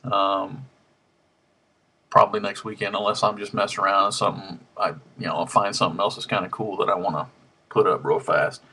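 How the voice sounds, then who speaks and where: A man's voice: low-pitched, steady tone, fairly quick, bright, forceful tone, slightly rough. A man, rambling through a casual webcam vlog at home with lots of ums and restarts, a little out of breath. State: slightly out of breath. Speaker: harmonica hobbyist vlogger. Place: home room. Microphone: webcam mic.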